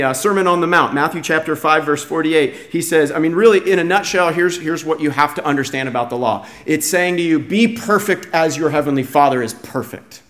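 A man's voice: a little high, fairly bright tone. A man preaching a sermon, earnest and emphatic, often repeating words as he restarts a thought. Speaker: pastor.

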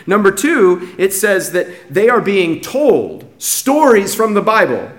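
A man preaching a sermon as pastor, emphatic, often restarting phrases and swinging from hushed to raised. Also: sits high, big pitch swings, slow.

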